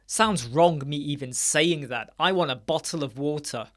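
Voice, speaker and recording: A man's voice: moderate pace, fairly bright tone. A man hosting a casual live-stream chat, answering viewers' questions in a chatty, blunt way. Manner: chatty and blunt, mimics people in a higher voice. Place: home studio.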